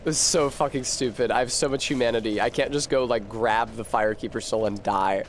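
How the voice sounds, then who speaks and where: A man's voice: mid-range voice, steady tone, brisk, a little hiss or hum. A man streaming a game, chatting casually in a profane, rambling way and laughing often. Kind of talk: casual gameplay chat.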